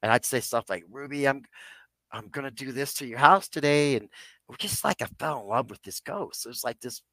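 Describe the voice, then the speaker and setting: Man in his sixties, mid-pitched, a guest spinning long, rambling stories on a dry mic. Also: a little fast, fairly bright tone, no echo. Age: 60s. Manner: rambling, addresses listeners as "guys". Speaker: podcast guest. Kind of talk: personal storytelling.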